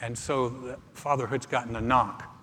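Pastor preaching in a reverberant church. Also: male voice, mid-range voice, fairly even intonation, pushed and bright, slight background noise. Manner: conversational, joke-telling, halting restarts. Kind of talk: live sermon. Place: church sanctuary. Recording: live church recording with long reverb.

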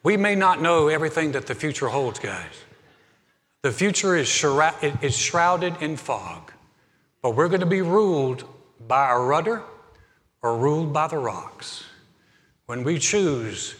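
A male pastor preaching a sermon in a church sanctuary, building to fervent emphasis and then softening into quiet prayer. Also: mid-range voice, expressive, unhurried. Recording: long hall reverb, faint music.

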